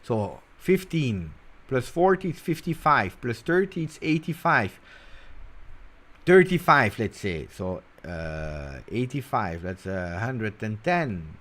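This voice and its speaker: A man hosting a casual football talk show, animated and teasing, jumping between loud bursts and quiet mutters. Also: fairly low pitch, takes it slowly. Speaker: football channel host. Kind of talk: casual live commentary.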